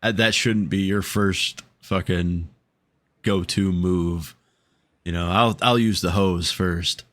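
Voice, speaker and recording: A man's voice: low voice, steady tone, takes it slowly, a bit bright, no room sound. A man co-hosting a podcast, chatting casually with heavy swearing and frequent laughter. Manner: profane, laughs often. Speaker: podcast co-host.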